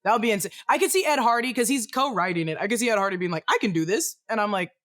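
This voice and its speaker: Excitable, laughing co-host in casual chat. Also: mid-range voice, racing. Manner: excitable, laughs often, apologetic asides. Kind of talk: casual pop-culture discussion.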